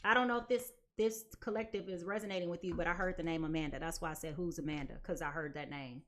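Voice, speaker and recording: A young adult woman giving a live tarot reading in a chatty, animated way, now and then acting out quoted voices. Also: fairly low pitch, fast talker. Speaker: tarot reader.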